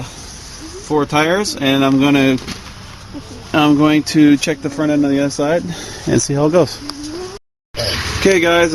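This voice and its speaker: A man casually showing how to check a truck's front end outdoors, rambling with lots of ums and uhs as he works. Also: medium pitch. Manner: relaxed, rambling, full of ums and uhs while working. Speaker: DIY mechanic showing truck repairs. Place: outdoors beside a truck, away from the house. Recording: noisy outdoor recording.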